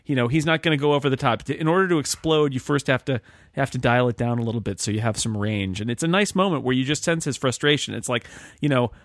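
A man co-hosting a casual podcast chat about a film, rambling with restarts and animated asides. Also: mid-range voice, quick pace, no echo, clean studio sound. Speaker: podcast co-host.

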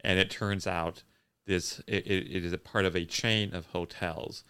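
A man's voice: sits low, fairly even intonation, moderate pace, pushed and bright, clean tone. A man co-hosting a podcast, recapping a movie plot in casual chat with a dry manner. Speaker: podcast co-host.

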